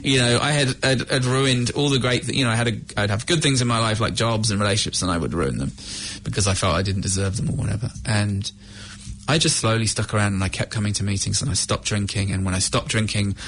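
A middle-aged man from the UK telling his own recovery story in a candid, halting, reflective way. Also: lowish voice, a bit bright, slight background noise. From United Kingdom. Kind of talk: personal testimony.

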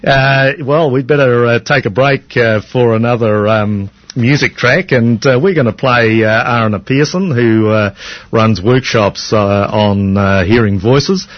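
A man hosting a radio talk show, asking questions in a halting way with many fillers. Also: medium pitch, dry recording. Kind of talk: casual radio interview. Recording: dull, dry radio audio.

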